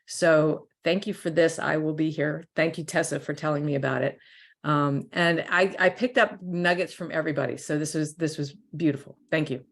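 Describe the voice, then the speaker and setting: A woman with a low voice and a gravelly edge chats on a video call. Her talk is warm with gratitude, heartfelt and a little rambling as she shares. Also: steady tone, moderate pace. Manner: grateful, chatty, heartfelt. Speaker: intuitive healer sharing as an audience member. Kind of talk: casual sharing on a video call.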